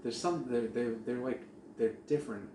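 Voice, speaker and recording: Profane, animated male podcast host. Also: mid-range voice, moderate pace. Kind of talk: casual podcast chat. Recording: echoey room with faint noise.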